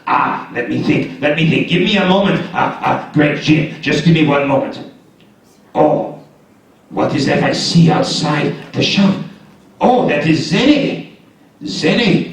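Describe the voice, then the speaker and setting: A man's voice: a little high, measured pace, close to an everyday voice. A man playing a sly, cowardly trickster man in a live shadow puppet show, talking in a pleading, scheming way. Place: large echoey library hall, live show. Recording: echoey hall, picked up from far off.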